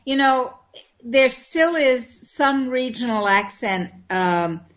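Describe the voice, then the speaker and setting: A measured, slightly high woman host with muffled audio. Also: lively intonation. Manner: measured, elaborate wording with eager reactions. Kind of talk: casual online panel talk.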